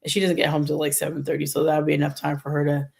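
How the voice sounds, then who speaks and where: A woman's voice: low voice, flat delivery, racing, vocal fry, husky. A middle-aged woman talking in a rambling, conversational way as she shares a candid personal faith testimony on her channel. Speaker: Christian vlogger.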